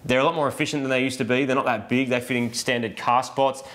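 An Australian man co-hosting a casual car show, easygoing and a bit deadpan. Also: medium pitch, fast talker. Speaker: co-host. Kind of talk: casual banter.

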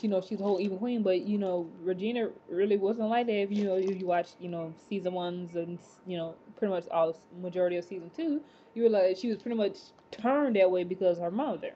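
A woman casually recapping a TV episode, rambling with many fillers and excited exclamations. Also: mid-range voice, dull audio, a little hiss or hum. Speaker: TV episode reviewer.

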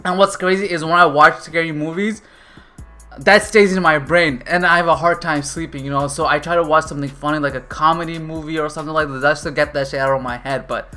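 A man's voice: fairly high pitch, quick pace, soft background music. A young man hosting a reaction video, talking casually and exclaiming at what he watches. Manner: excitable, exclaims and swears at clips.

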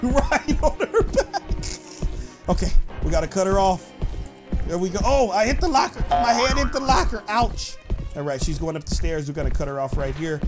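A man giving excited, playful gameplay commentary as a gaming YouTuber, teasing and laughing often. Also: sits high.

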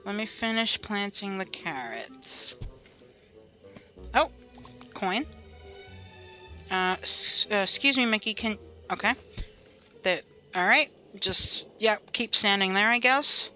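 A woman's voice: medium pitch, lively intonation, slow, pauses often, sharp tone. A woman chatting casually through a gameplay livestream, talking to herself and to chat and laughing often. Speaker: streamer. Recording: light music behind the voice.

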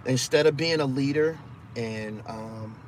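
A man's voice: medium pitch, a little slow, a little hiss or hum. A man hosting a casual live stream, talking loosely and with profanity as he reads out viewer comments and gives his take. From Brooklyn, New York.

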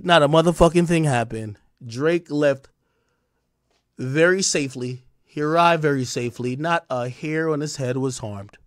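A man giving a profane, mocking ranting commentary, animated throughout. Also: medium pitch, no room sound, clean studio sound. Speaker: online commentator.

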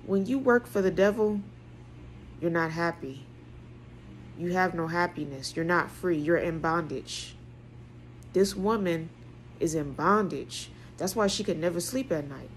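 A woman in an emphatic, preaching monologue. She repeats phrases for weight and swings between a hushed tone and a loud one. A faint hiss sits under her voice. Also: lowish voice, measured pace, pauses often. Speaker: vlogger.

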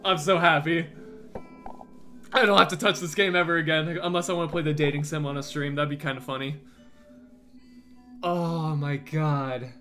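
Early-20s male streamer, high and bright, shouty and profane, voice worn from yelling. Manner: shouting, elated and swearing. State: throat strained from screaming. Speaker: gaming streamer. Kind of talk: excited gaming stream commentary.

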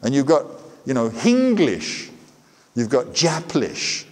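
Man with a southern English accent, animated, chatty lecture, long hall reverb. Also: medium pitch, takes it slowly. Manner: tags sentences with "yeah?", chatty. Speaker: guest lecturer. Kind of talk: lecture with audience questions.

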